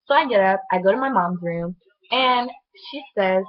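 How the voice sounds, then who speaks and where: A woman's voice: medium pitch, a little slow. Chatty young woman, lo-fi recording. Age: young adult. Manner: chatty, animated, lots of "like" fillers. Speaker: vlogger. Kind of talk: casual storytelling to camera. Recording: dull lo-fi sound.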